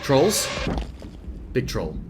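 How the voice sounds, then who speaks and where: A man's voice: medium pitch, huge pitch swings, drawn-out words, noisy background. A man streaming live, giving casual, wry and blunt reaction commentary. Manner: blunt, wry, offhand remarks. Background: loud showcase music.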